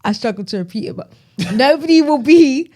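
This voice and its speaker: A woman's voice: high-pitched, animated, mellow. A woman co-hosting a podcast in casual chat, talkative and dramatic, fond of teasing. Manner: chatty, dramatic, quick to tease. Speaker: podcast co-host.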